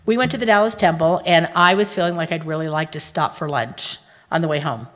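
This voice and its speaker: A woman's voice: sits low, brisk, a bit bright. A middle-aged woman gives a humorous talk to a conference audience, telling stories and speaking straight to the listeners. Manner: joking, storytelling, addresses the audience directly. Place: large conference hall. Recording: long hall reverb.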